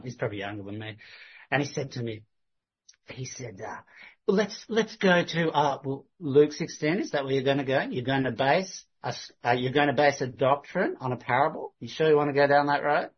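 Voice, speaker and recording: A man, telling a story of a street conversation in a casual, animated way and often laughing. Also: medium pitch, husky. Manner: animated, laughing, quoting others in lively voices. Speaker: street evangelist. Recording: dull lo-fi sound.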